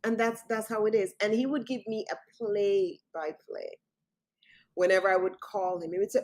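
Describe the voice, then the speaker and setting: A woman's voice: mid-range voice, fairly even intonation, moderate pace, darkish tone. Woman telling her story as a guest. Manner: vivid storytelling, often quoting others. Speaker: author guest. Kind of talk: personal storytelling in an interview.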